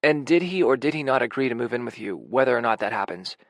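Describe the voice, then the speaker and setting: A man's voice: medium pitch, expressive, fast talker, dry recording, clean studio sound, natural voice. A man reading an audiobook, voicing a playful, bold young woman who teases her friend. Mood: teasing. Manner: teasing, brassy.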